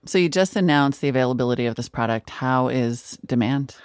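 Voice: mid-range voice, a little fast, smooth, no echo. Interviewer asking pointed questions, dead dry sound.

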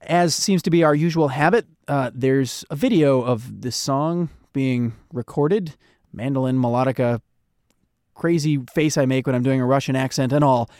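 Relaxed male radio host, dry studio sound. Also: mid-range voice, normal speed, no echo. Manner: easygoing, joking, self-deprecating. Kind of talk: casual public-radio interview.

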